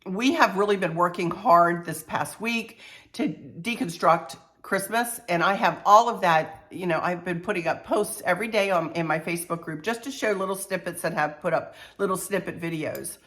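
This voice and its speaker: Older lady vlogging from home, stuffy cold voice, lowish pitch, chatty and heartfelt. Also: fairly bright tone. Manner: unhurried, chatty, emotional. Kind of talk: casual heartfelt talk to camera.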